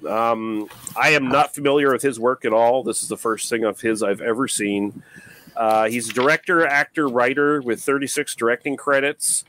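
A man's voice: mid-range voice, fairly even intonation, moderate pace, a bit bright, slight background noise. A man co-hosting a movie podcast in casual chat, loose and rambling, with many fillers and trailing remarks. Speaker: podcast co-host.

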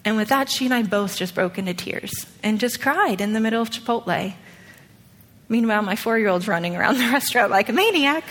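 A woman's voice: a little high, expressive, moderate pace, a bit bright. A woman in her thirties giving a conversational sermon with a personal story, often checking in with "okay?". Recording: long reverb of a large hall.

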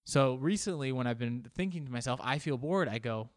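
A man's voice: medium pitch, fast talker, few pauses, dry recording. Rambling self-mocking man, dry close sound. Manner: rambling, self-mocking, acts out little quoted exchanges. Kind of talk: casual monologue.

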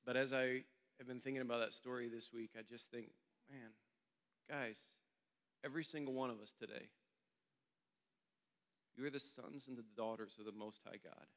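Bright-voiced pastor in a reverberant hall. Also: male voice, mid-range voice, steady tone, moderate pace, pauses often. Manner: conversational storytelling, informal. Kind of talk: sermon. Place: church meeting room.

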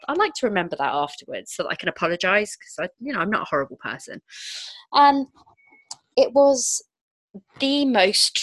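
A woman in her thirties, telling a personal story in a frank, expressive way with quick asides. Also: low-pitched, no echo. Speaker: podcast guest, entrepreneur.

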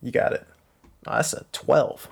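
A player in a tabletop game, joking and laughing often. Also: normal speed. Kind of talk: casual tabletop play.

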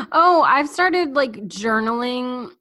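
Podcast co-host, middle-aged woman, chatty and animated, slightly high voice. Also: takes it slowly. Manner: animated, rambling, laughs often. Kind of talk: casual chat.

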